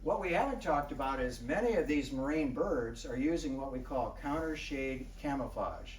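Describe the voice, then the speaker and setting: A man gives an animated nature lecture in an echoey room, heard from a distance. He talks conversationally, tosses questions at his listeners and clears his throat now and then. Faint background noise sits under his voice. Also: medium pitch, moderate pace. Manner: conversational, quizzes the audience. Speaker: wildlife biologist giving a public talk. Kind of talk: lively illustrated lecture to an audience.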